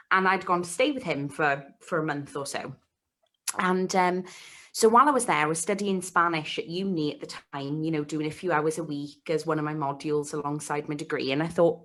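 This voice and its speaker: Lively woman telling a story. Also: sits low, moderate pace. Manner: animated, acts out quoted voices. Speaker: podcast co-host. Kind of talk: casual storytelling chat. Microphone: home mic, live streamed call.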